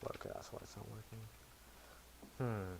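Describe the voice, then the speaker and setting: A man's voice: fairly low pitch, steady tone, normal speed, vocal fry, a little mellow, a little hiss or hum. A man talking his chat through his code in casual live commentary, thinking aloud and making self-mocking asides. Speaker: programmer streaming to chat.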